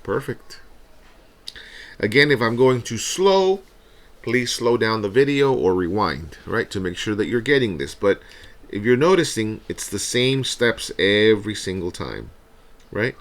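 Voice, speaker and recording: A man with a deep voice and some vocal fry explains a math problem one step at a time. He teaches in a recorded review video and keeps checking in with his viewers. His tone stays conversational and patient. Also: lively intonation, unhurried. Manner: talks through each step, often adds "right?".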